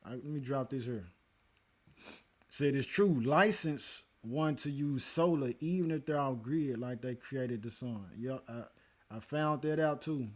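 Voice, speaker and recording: A man hosting a livestream who reads and answers his chat in a relaxed, casual way and teaches from scripture with growing emphasis. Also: mid-range voice, measured pace. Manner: laid-back, talks to the chat, calls listeners man and y'all.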